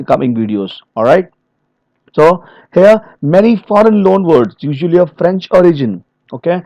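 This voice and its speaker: A man with a fairly high voice gives a video lesson on German pronunciation. He explains step by step and draws out example words slowly so learners can hear the stress. The sound is dry and close, with no room echo. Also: a little mellow. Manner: slow, drawn-out modeling of example words; plain explanatory delivery with frequent fillers like "okay" and "all right". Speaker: German language teacher. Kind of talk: video lecture.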